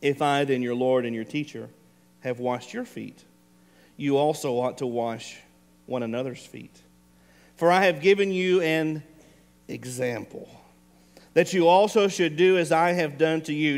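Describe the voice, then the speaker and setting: A man preaching a sermon as pastor, retelling scenes with acted voices and dropping soft for emphasis. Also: fairly high pitch, measured pace, pauses often. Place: church sanctuary. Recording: long hall reverb.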